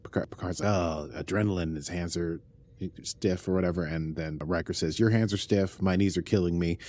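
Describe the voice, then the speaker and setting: A man co-hosting a casual podcast, playful and joking as he chats. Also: a little mellow. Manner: playful, joking, wanders between low murmurs and bursts. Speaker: podcast co-host.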